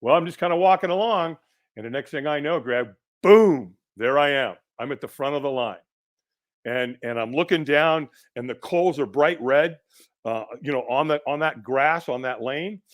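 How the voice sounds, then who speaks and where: A middle-aged man, a podcast guest, telling a personal story in an animated way and acting out the people in it. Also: on the high side, normal speed. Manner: animated storyteller who acts out quoted voices.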